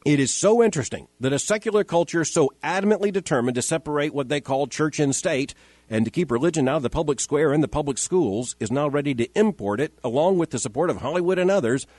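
A man hosting a podcast, giving measured, emphatic scripted commentary that quotes and rebuts with repetition. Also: on the high side, expressive, a little mellow, no echo. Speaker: host of a daily commentary podcast.

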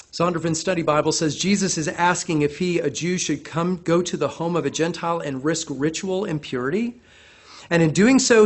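A man delivers a sermon in an animated preaching style. His voice sits a little high for a man. He often acts out the voices of the people he quotes and repeats words as he builds emphasis. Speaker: pastor.

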